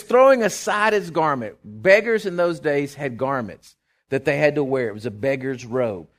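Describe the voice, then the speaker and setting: A man preaches. His voice sits high and swings widely in pitch, and he breaks into sudden loud bursts. He throws in folksy jokes and checks in with the congregation. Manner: animated preaching with sudden loud bursts and call-and-response asides; folksy, joking asides. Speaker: pastor. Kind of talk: sermon.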